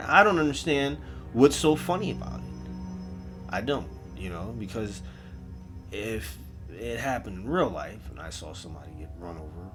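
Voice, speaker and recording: A man telling a comedic first-person horror story, profane, jumping between loud outbursts and hushed asides. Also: medium pitch.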